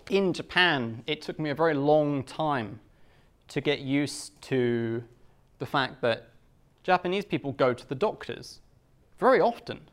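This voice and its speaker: A British man explaining culture to language learners, stretching key words slowly and deliberately. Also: on the high side.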